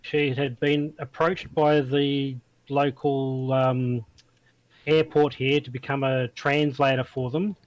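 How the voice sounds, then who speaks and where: A man's voice: medium pitch, flat delivery, slow, no echo, low-quality recording. An Australian man chatting as a guest, plainspoken, with hesitant starts. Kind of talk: casual chat.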